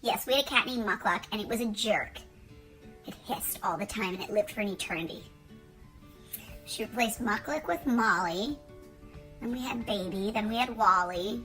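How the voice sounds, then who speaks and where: A woman's voice: mid-range voice, normal speed, long pauses, pushed and bright, faint music behind, rough recording. A woman in her thirties chatting casually to camera in a rambling, joking, profane way. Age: 30s. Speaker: vlogger.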